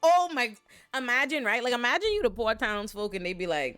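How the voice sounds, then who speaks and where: A woman hosting a casual TV recap, talking in an animated and profane way with sudden jumps in pitch. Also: brisk, clean tone, faint music behind. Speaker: TV recap host.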